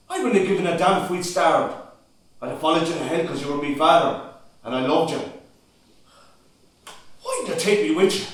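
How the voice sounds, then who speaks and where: A man plays a bitter, heartbroken grown son in an amateur stage drama, speaking in an impassioned voice that rises to pleading. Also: on the high side. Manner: impassioned, rising to pleading outbursts. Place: stage in a large hall. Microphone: far camera microphone. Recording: echoey hall from far off.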